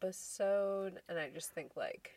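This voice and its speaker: A woman's voice: lowish voice, unhurried, a little mellow, no room sound. A woman co-hosting a podcast in casual chat, chatty, laughing often, with many fillers. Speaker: podcast co-host.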